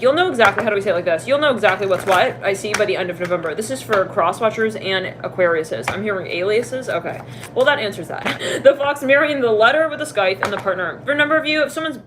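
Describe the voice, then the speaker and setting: Woman tarot reader, casual and chatty, mid-pitched voice, noisy hiss behind. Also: quick pace. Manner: chatty, laughing, voices quoted people in a high pitch. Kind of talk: casual tarot reading to camera.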